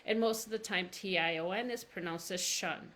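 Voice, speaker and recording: Slow-demonstrating woman teacher. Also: on the low side, a bit bright. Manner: slow, drawn-out demonstrations of words, syllable by syllable. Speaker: pronunciation teacher. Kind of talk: live-streamed pronunciation lesson. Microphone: livestream camera mic.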